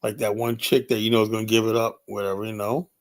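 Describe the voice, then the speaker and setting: A man's voice: lowish voice, little pitch movement, quick pace. An older man hosting a livestream, talking casually and bluntly, swearing often and leaning heavily on "you know". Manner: rambling, blunt, profane, many "you know" fillers. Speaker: livestream host. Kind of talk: casual livestream talk reading chat.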